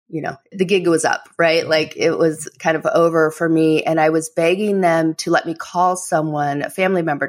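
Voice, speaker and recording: A woman author, a guest, telling her personal story candidly with many fillers, her voice catching with emotion. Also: low voice.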